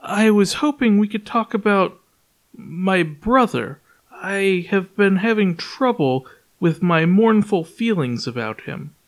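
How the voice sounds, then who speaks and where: A man's voice: sits high, lively intonation, slow pace, voice pushed up, exaggerated voice. A man reading the part of an anxious, earnest young woman with rising, pleading questions. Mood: stilted.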